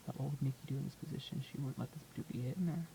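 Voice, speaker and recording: Confessional vlogger, mid-pitched and gravelly, whispery, emotional swings. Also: fairly even intonation, fast, noisy background. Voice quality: hushed, often whispered delivery. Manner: emotional, swings from hushed to loud. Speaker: vlogger sharing a personal story. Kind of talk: confessional personal testimony.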